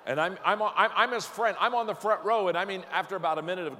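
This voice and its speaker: A man preaching, telling a folksy, self-deprecating story in an animated way and often restarting his sentences. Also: sits high, quick pace, in a large hall. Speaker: pastor. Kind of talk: storytelling sermon.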